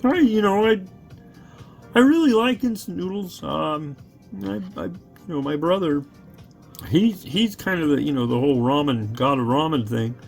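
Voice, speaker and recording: A man putting on a high, nasal frog voice as his own shy twin brother, stammering and hesitant. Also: normal speed, creaky, soft background music. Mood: bashful.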